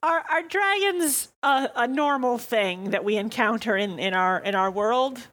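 A woman with a fairly high voice chats casually as a player in a tabletop game. She laughs easily and often restarts her sentences mid-thought. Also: a little slow, a bit bright.

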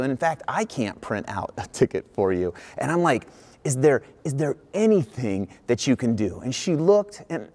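A male pastor preaching, telling a personal story in a lively, animated way before turning to scripture. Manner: animated storyteller, rises in pitch when excited. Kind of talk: sermon storytelling.

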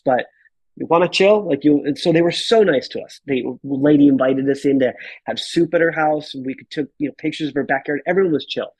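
Animated, swearing man telling a story. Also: a little high, no room sound, poor audio. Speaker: podcast guest. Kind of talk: casual storytelling.

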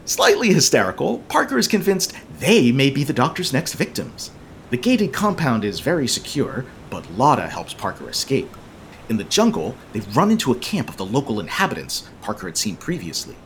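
A man's voice: medium pitch, huge pitch swings, normal speed, slight background noise. A man hosting a podcast, recapping a movie in a casual, sarcastic, joking way with frequent swearing. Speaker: podcast host.

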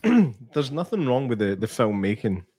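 A man co-hosting a casual watch-along, cracking quick jokes and swearing casually. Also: mid-range voice, sing-song, dark tone, slightly rough, no room sound, studio quality. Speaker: co-host.

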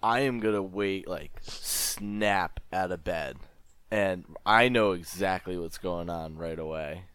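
Deep-voiced eager male player. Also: slow pace, a bit bright, clear, resonant tone, no echo. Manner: eager, describes actions in first person. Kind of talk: casual tabletop play.

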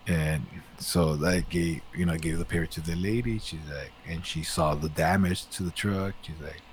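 A man's voice: deep voice, brisk, hardly any pauses, a little hiss or hum. A man casually telling a long story, rambling and swearing a lot as he gets worked up. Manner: rambling, profane, animated retelling.

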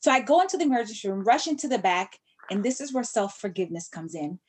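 A middle-aged woman, a podcast guest, telling a personal story in an animated way and acting out the voices she quotes. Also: fast, breathy edge. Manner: animated, acts out quoted voices with big pitch jumps.

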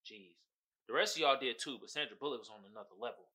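A man hosting his own podcast in casual solo chat, slangy and animated, laughing often. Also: medium pitch, quick pace, slightly rough. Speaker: podcast host.

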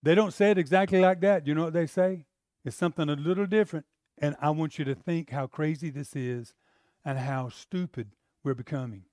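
Emphatic pastor preaching. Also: male voice, on the high side, fairly quick, a little mellow, no echo, studio quality. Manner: conversational preaching, rising to emphatic outbursts. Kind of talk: sermon.

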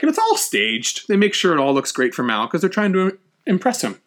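High-voiced animated male lecturer. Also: a little fast. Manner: animated, acts out quotes, frequent restarts. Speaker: history lecturer.

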